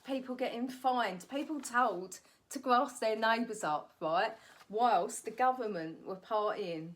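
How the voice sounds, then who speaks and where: A woman's voice: fairly high pitch, a little slow. A woman, a comedian delivering a rambling comic monologue and correcting herself as she goes. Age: 40s. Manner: rambling, cheeky, self-correcting.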